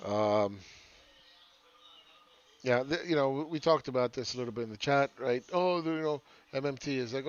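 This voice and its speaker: A man's voice: medium pitch, moderate pace, pauses often, smooth, muffled recording. A man giving casual, rambling live chart commentary as a market analyst, often asking "right?".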